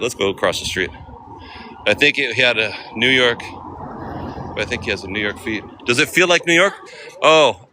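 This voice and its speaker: A man's voice: fairly low pitch, bright, forceful tone, a little hiss or hum. An American man live-streaming as he walks city streets, chatting casually with viewers in slang. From United States. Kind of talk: walking live-stream vlog.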